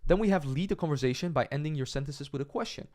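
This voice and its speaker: In a sales training session, a young adult agency coach teaches cold-calling in a fairly high, slightly mellow voice, talking fast. His manner is direct, he role-plays sample calls, and he often tags on "right?" to check in.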